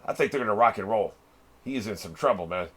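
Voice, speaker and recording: Middle-aged guy with a slightly raspy voice and animated pitch, casual reaction-channel host. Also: fast. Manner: chatty, swears freely, laughs often.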